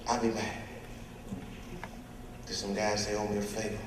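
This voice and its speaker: A man voicing a cool, menacing middle-aged pimp who talks low and calm, recorded from far off in an echoey hall. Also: moderate pace, background noise, natural voice.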